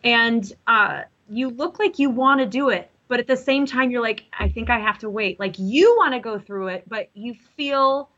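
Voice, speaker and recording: Bright-voiced chatty woman psychic. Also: on the high side, normal speed, hardly any pauses, highs cut off. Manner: chatty, rambling, self-correcting. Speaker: psychic reader. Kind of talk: live call-in psychic reading.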